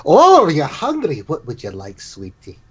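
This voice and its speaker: A man voicing a burly male innkeeper who calls people lass and sweetie, gruff and brusque. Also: fairly high pitch, lively intonation, normal speed, muffled recording, natural voice. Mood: doting.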